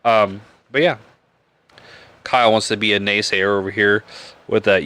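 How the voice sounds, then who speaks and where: A man's voice: fairly low pitch, little pitch movement, moderate pace, long pauses, bright, forceful tone, clean tone. A man hosting a live beer podcast, rambling and joking crudely, laughing often. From Nebraska. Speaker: podcast host. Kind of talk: casual live-stream beer chat.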